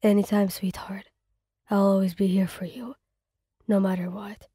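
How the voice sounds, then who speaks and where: A woman voicing a protective young male hero who murmurs softly and reassuringly in a fanfic audio role-play. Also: fairly even intonation, unhurried, husky, no echo, studio quality. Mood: soothing. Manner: low soft reassuring murmur.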